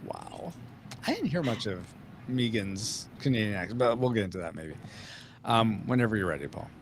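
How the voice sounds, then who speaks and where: Guy hosting a podcast, animated, jokey, some faint hum behind. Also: lowish voice, moderate pace. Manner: upbeat, joking, leads the talk. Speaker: podcast host. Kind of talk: casual chat, hosting a live podcast.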